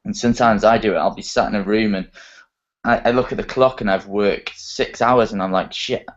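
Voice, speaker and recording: Relaxed man on a lo-fi call. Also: fairly low pitch, a little fast. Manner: relaxed, joking, chuckles. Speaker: co-host. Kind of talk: casual group video chat. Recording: dull lo-fi video call audio.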